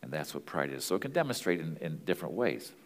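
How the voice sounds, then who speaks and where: A man's voice: extremely low pitch, big pitch swings, fast, big-room sound. A man teaching as a pastor and marriage counselor, earnest and plain-spoken in a conversational way.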